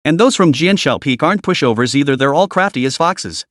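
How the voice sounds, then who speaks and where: A man voicing a stern, boastful elderly sect elder who scolds and plots in hushed tones. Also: a little high, expressive, a little fast, no echo, studio quality. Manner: scolding, conspiratorial.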